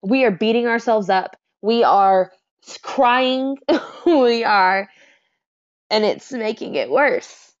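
A woman's voice: a little high, expressive, slow, highs cut off. Frank, chatty young woman vlogging. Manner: frank, chatty, many fillers and asides. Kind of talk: candid personal talk to camera.

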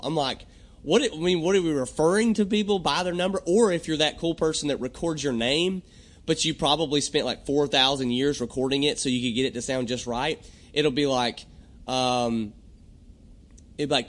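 A young adult man hosting a podcast, talking in a rambling, jokey monologue and often clearing his throat. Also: fairly high pitch, moderate pace. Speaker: podcast host. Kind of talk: casual comedic monologue.

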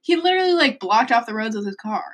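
A woman's voice: fairly high pitch, lively intonation. A young woman co-hosting a casual podcast, teasing and bossy, often cutting in. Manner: teasing, bossy, quick to interrupt. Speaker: podcast co-host. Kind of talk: casual chat.

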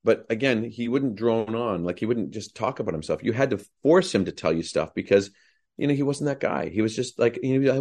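A man's voice: fairly low pitch, animated, a little fast, darkish tone. A middle-aged male actor, a guest, telling enthusiastic, rambling anecdotes full of fillers. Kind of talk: anecdotal storytelling.

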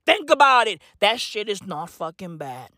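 A woman's voice: mid-range voice, big pitch swings, moderate pace, sharp tone, no echo, studio quality. A woman giving a mocking, profane sports rant, laughing often and repeating herself in exasperation. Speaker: sports commentator.

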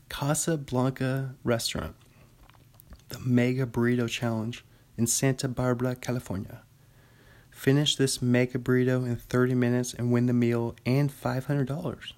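A man's voice: medium pitch, a little mellow. A young man from Washington state hosting a podcast in a casual, rambling solo chat, often laughing. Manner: rambling, chatty, laughs easily. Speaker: podcast host.

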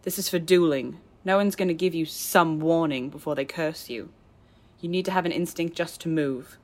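A woman's voice: low-pitched, darkish tone, close to an everyday voice. A woman reading as a sneering cold young man. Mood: snapping. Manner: slow, clipped, contemptuous delivery.

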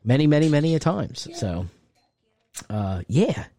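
A man co-hosting a casual podcast, excitable and laughing often as he reads gaming news aloud. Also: on the high side, measured pace. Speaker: podcast co-host.

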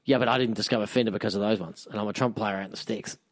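A man's voice: on the low side, fairly even intonation, rapid-fire, no room sound. A tipsy man co-hosting a podcast in a casual chat, rambling and slurring his words with many fillers. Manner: rambling, slurring after drinks, lots of fillers. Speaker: podcast co-host.

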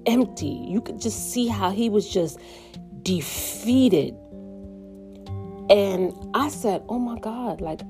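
A middle-aged woman and mother speaking earnestly in a reflective personal monologue, slowing down when things get painful. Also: mid-range voice, dark tone. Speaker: mother sharing her story.

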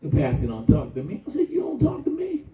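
A man preaching a lively, folksy sermon with call-and-response and shouts to the congregation. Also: extremely high pitch, quick pace, faint music behind. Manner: folksy, conversational, acts out quoted voices. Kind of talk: lively Palm Sunday sermon. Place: church sanctuary. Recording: echoey church heard from far off over a tinny line.

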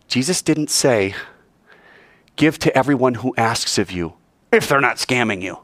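A man's voice: medium pitch, unhurried, pauses often, dry recording. A man teaching an informal Bible class as a sermon, telling stories and acting out the voices of the people in them. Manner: animated storyteller who acts out quoted voices.

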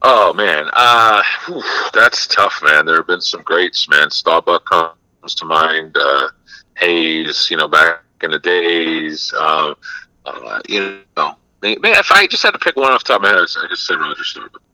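A man's voice: sits low, lively intonation, unhurried, pushed and bright, no room sound, low-quality recording. A man on a comedy podcast, joking and swearing through rambling chat full of fillers. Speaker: podcast guest. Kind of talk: casual crude comedy chat.

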